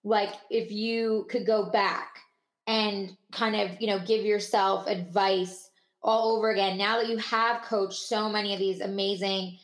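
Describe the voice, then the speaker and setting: A woman's voice: medium pitch, little pitch movement. Hesitant young woman host in an echoey room. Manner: halting, searching for words, warm praise. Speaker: podcast co-host. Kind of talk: casual interview chat.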